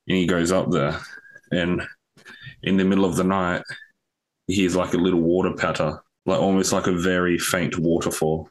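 A man's voice: low voice, level tone, moderate pace. A young man co-hosting a podcast, telling a long joke in casual, sweary storytelling. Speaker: podcast co-host.

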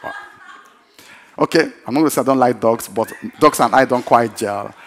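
A male pastor telling a story in a sermon, animated and repetitive, often breaking into laughter. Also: mid-range voice, normal speed, a little hiss or hum.

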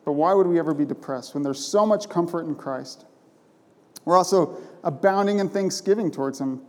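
A male pastor preaching an emphatic, conversational sermon in a slightly high, mellow voice. He keeps checking in with the room through quick rhetorical questions. Long reverb from the church sanctuary trails behind each phrase.

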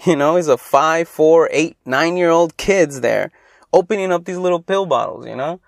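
A young adult man from Los Angeles, hosting his own podcast and telling childhood stories in a loose, rambling way that gets animated when he quotes people. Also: on the high side, moderate pace, creaky, no room sound, clean studio sound. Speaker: podcast host. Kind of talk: casual solo storytelling.

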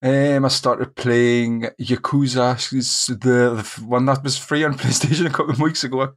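A man's voice: mid-range voice, fairly even intonation, moderate pace. Laid-back young Geordie man. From North East England. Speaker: podcast co-host. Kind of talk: casual gaming podcast chat.

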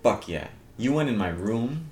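A man's voice: medium pitch, animated, moderate pace, darkish tone. A young man co-hosting a casual podcast from home, with dry, teasing banter and plenty of swearing. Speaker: podcast co-host. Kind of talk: casual chat, crude banter. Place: home room. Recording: echoey room, faint hiss.

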